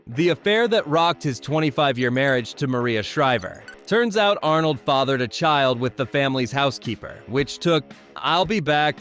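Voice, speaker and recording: A man's voice: medium pitch, a bit bright. A man narrating a scripted commentary video in a wry, playfully sarcastic way, speaking straight to the viewers.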